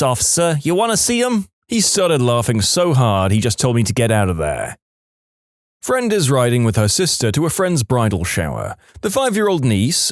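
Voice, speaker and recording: Lively male story narrator, dry sound. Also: medium pitch, no room sound. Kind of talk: scripted narration of online stories.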